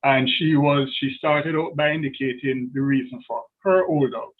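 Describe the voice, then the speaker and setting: A male defence lawyer addresses appeal judges with formal, deferential submissions, hesitating frequently. His mid-range voice moves at normal speed over a tinny, phone-like remote line.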